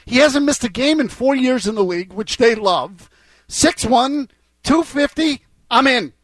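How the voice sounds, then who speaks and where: Very high-voiced blunt male co-host. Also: animated, a little slow, dry recording. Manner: blunt, emphatic opinions. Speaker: sports radio co-host. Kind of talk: sports talk radio banter. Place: radio studio. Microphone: studio microphone.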